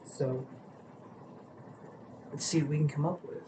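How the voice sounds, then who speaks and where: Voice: medium pitch, steady tone, unhurried, heavy background noise. A tarot reader chatting casually on a live stream while shuffling cards, sleepy and yawning, greeting viewers and a pet.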